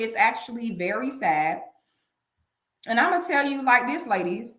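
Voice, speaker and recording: Animated woman with a high echoey voice. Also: moderate pace. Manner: animated, emphatic, repeats "okay?". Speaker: commentary channel host. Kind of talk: casual commentary livestream. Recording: echoey room.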